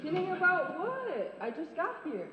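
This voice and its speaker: A man's voice: extremely high pitch, huge pitch swings, measured pace, noisy background, exaggerated voice. A man playing a joking, laid-back neighbor. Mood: teasing. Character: easygoing, joking male neighbor who loves food. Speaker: stage actor. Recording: echoey, muffled hall recording from far off.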